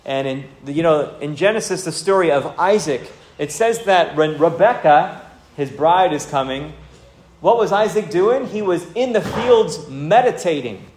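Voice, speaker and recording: A man preaching a sermon in an earnest, exhorting way, rising and falling in pitch for emphasis. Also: animated, measured pace, a little mellow, a little hiss or hum. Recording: echoey room.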